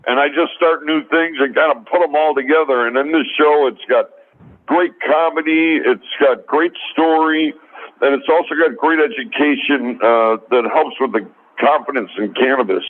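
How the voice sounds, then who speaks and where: An easygoing man, a guest on a chat show, rambling along at a mid pitch. He comes through a tinny, narrow phone line. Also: normal speed. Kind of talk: phone interview.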